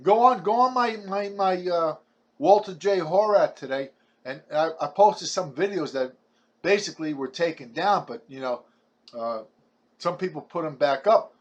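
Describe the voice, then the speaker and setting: Seventies New man, raised pitch, ranting combatively with stumbling restarts. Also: normal speed, dull audio. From Brooklyn, New York. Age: 70s. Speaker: vlogger. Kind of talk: ranting monologue.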